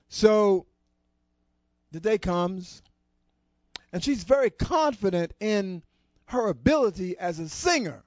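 A man telling a motivational story to an audience, expressive and with deliberate pauses. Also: high voice, no room sound. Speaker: storyteller at a society program. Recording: dull lo-fi dry recording.

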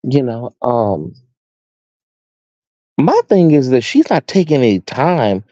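Sassy american guy chatting on a live stream, dark mellow voice, kinda dull dry audio. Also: medium pitch, very animated, slow, dry recording. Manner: sassy, chatty, addresses viewers as honey and baby. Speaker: host. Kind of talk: casual live-stream chat.

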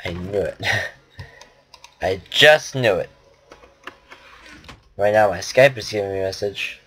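A man's voice: on the low side, takes it slowly, a bit bright, breathy edge. A man giving casual game commentary at his computer, rambling and joking at his own expense. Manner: rambling, self-deprecating chatter. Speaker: gaming commentator. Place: at a home computer.

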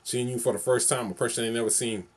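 A man's voice: medium pitch, fairly even intonation, fast talker. Man in his 40s from new york city, rambly upbeat vlog talk, repeats himself a lot, medium voice. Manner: rambling, repetitive and upbeat, chanting prayers. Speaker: vlogger. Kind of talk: casual monologue vlog.

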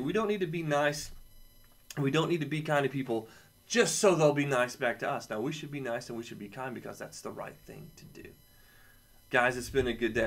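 A man with a son, teaching a casual lesson to children with playful, jokey asides. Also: mid-range voice. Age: adult, has a son. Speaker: camp teacher for kids.

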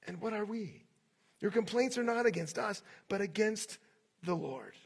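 Male pastor, sermon delivery, husky, fairly high, lively acting-out of quoted voices. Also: moderate pace. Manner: animated, acts out complaining voices.

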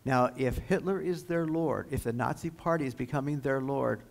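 A man giving a history lecture at a high school, telling the story in an earnest, emphatic way. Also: normal speed, gravelly, rough recording. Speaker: guest lecturer.

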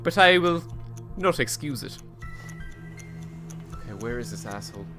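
A man streaming a video game live, reacting excitably and swearing often as he plays and talks to his chat. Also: mid-range voice, a little slow, faint music behind. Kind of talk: casual live gameplay commentary.

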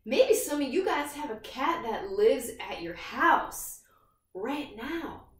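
A woman's voice: sits high, expressive, takes it slowly, reverberant, distant mic. A woman leading a yoga class for young children, cheerful and sing-song, making animal sounds with them. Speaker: kids' yoga instructor. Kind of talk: guided kids' yoga class.

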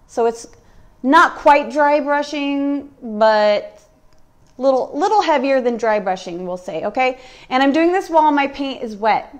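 A woman with a bright, high voice gives a live furniture-painting demo. She chats through each brushstroke in a relaxed, easygoing way. Her tone stays smooth and clear, and she thinks aloud as she works. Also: measured pace. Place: warm indoor workshop.

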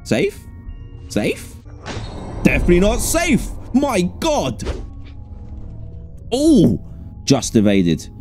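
A man giving live gameplay commentary as a gaming streamer, excitable and jumpy, with frequent laughter. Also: lowish voice.

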